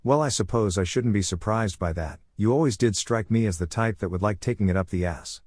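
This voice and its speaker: A man's voice: on the low side, a little fast, darkish tone, no room sound, clean studio sound, lightly acted. A man voicing a cocky, mocking teenage ninja boy in a fan-fiction audiobook. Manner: teasing, sing-song mockery.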